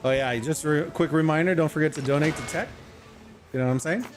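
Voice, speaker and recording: A man's voice: a little high, fast talker. A man hosting a casual gaming livestream, talking loosely, rambling and greeting viewers from chat, with faint music behind him. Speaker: livestream host. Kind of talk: casual gaming stream commentary.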